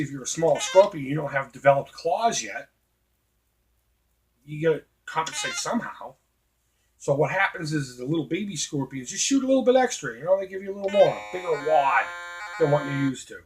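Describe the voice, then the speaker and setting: Rambling, swearing man from Boston. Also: fairly high pitch. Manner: rambling, profane storytelling with frequent fillers. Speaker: retro gaming host. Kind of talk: casual gameplay commentary.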